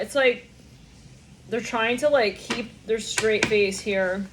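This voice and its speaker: A woman's voice: mid-range voice, moderate pace, a little hiss or hum. A young woman giving a channeled tarot reading, rambling in a stream of consciousness, swearing and laughing often. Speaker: tarot reader.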